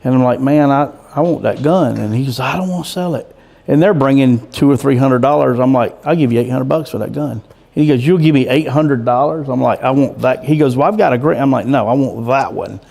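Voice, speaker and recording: A man with a gravelly, creaky voice at an ordinary pitch tells a long, folksy story as an interview guest. He talks loosely, backing up and restarting his sentences as he goes. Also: fairly quick, darkish tone. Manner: folksy, rambling, with many restarts. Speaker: guest, coon hunter.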